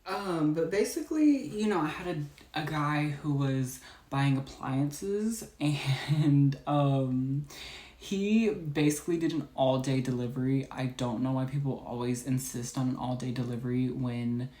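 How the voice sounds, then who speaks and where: A woman's voice: rumbling low, measured pace, mellow. A woman telling a storytime vlog in a chatty way, full of "like". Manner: chatty, heavy use of "like", retelling a rant. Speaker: storytime vlogger. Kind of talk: casual storytelling. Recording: echoey room, mic far off.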